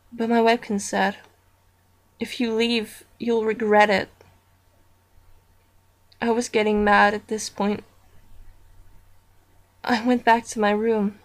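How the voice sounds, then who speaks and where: A woman reading a horror story aloud as narrator, in a slow, deliberate storytelling manner. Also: on the high side.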